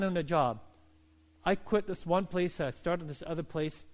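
Pastor, male, middle-aged, high voice; fervent sermon delivery, calm then loud. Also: normal speed. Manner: builds from calm teaching to loud, fervent preaching.

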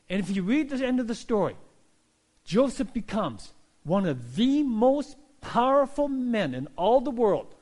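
A male pastor preaching a sermon, telling stories in an animated way and acting out characters. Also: high-pitched. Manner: animated storytelling, voicing characters.

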